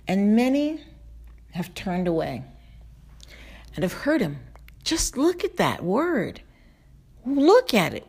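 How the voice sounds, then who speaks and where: A middle-aged woman preaching a heartfelt devotional sermon, emphatic and emotional, slowing down on key phrases. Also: medium pitch, sing-song, darkish tone, husky.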